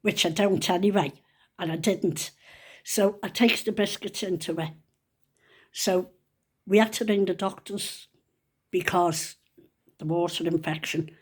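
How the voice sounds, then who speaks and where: A woman's voice: fairly low pitch, steady tone, measured pace, pauses often, darkish tone, breathy edge. A woman in her seventies telling funny stories to camera in a chatty, rambling, down-to-earth way. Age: 70s. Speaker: vlogger. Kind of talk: casual storytelling to camera.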